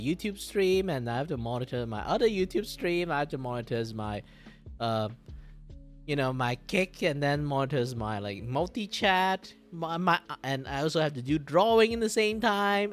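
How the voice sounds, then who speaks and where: A man chats on his live stream as he draws, his pitch swinging widely from low mutters to loud bursts. He rambles, dizzy and disoriented, and swears and laughs along the way. Soft music plays behind him. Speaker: art streamer. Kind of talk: casual live-stream chat while drawing.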